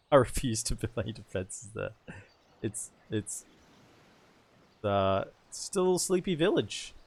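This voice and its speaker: A man's voice: on the low side, very animated, takes it slowly, creaky, pauses often, breathy edge. A man casually commentating his strategy game as he plays, thinking aloud and amusing himself. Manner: rambling, self-amused, thinking aloud. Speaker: gaming streamer. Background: game music.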